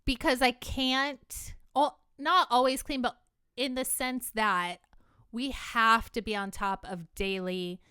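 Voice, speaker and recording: Woman cohost rambling thru her opinions, smooth voice, dry close mic. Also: a little high, steady tone, slow, pushed and bright, no room sound. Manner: rambling, opinionated, frequent restarts. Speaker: podcast co-host. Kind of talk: casual chat.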